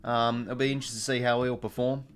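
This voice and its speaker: Aussie bloke on a live stream, chatty, fillers everywhere, answering chat. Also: male voice, mid-range voice, level tone, quick pace, smooth. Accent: Australian. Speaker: streamer hosting a live watch-along.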